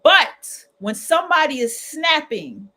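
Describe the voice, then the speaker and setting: Animated high-voiced woman host. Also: slow. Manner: colloquial, animated, acts out quoted voices. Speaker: livestream host. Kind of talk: casual freestyle monologue.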